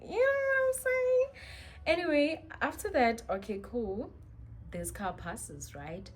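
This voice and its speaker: A woman telling a personal story as a vlogger, chatty and expressive with many asides. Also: sits high, takes it slowly. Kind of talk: storytime monologue.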